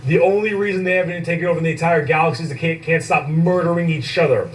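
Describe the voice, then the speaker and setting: A man's voice: fairly high pitch, quick pace, recorded from a distance, a little hiss or hum, low-quality recording. A man explaining things in a casual, enthusiastic way. He swears freely and repeats himself for comic effect.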